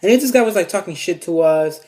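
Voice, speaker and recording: A man's voice: high-pitched, expressive, quick pace, mellow. A young man from Mexico telling a casual storytime tale, rambling with constant fillers and heavy swearing. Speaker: vlogger.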